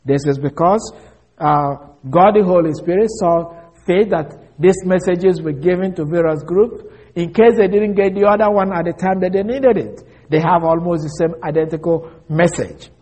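A man preaching an expository sermon, reading scripture slowly and stressing key words. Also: sits high, darkish tone, slightly rough.

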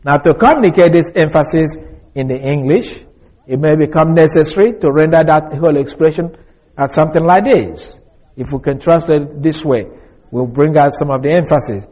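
A man giving verse-by-verse Bible teaching in a deliberate, explanatory way, repeating his key points. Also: a little high, darkish tone, low-quality recording.

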